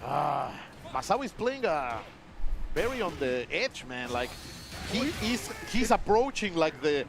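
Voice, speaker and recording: Animated man calling fighting game play. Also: on the high side, a little slow, creaky, background noise. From Mexico. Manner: excited play-by-play, trailing into relaxed banter. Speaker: esports commentator.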